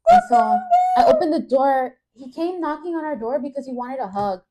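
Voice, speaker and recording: Young woman rambling thru a story, um and like everywhere, kinda high voice, chill podcast chat. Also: wildly swooping pitch, brisk, mellow. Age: young adult. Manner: rambling, uses many fillers and acted quotes. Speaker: podcast co-host.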